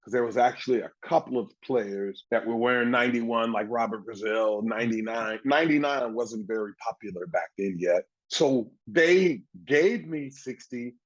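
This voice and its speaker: A man's voice: mid-range voice, normal speed, hardly any pauses, dull audio. A man in his sixties, a former pro football player, telling stories in a casual interview and acting out the voices of the people in them. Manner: animated storyteller, acts out quoted voices.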